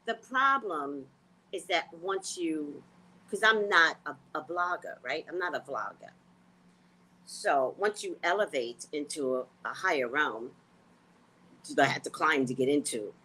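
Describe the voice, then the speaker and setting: Husky, animated woman vlogger. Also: deep voice, unhurried, long pauses. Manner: animated, blunt, sings and repeats phrases. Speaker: psychic and vlog host. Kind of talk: casual rambling monologue.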